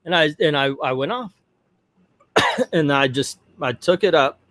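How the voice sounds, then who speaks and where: A man's voice: on the high side, a little slow, no echo. Middle-aged man rambling through a story. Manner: rambling, animated retelling. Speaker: vlog host. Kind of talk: casual storytelling vlog.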